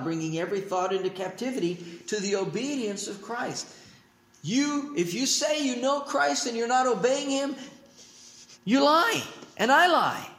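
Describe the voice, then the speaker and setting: A man preaching a sermon as pastor, swinging from emphatic declarations to hushed, slow asides. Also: very high-pitched, reverberant.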